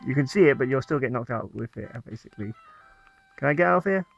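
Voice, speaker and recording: A man's voice: medium pitch, lively intonation, fast talker, gravelly, faint music behind. A man giving playful, chatty commentary over a video game he is playing. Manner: playful, chatty, laughs at own jokes. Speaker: let's play gamer. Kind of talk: casual gameplay commentary. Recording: dull lo-fi sound.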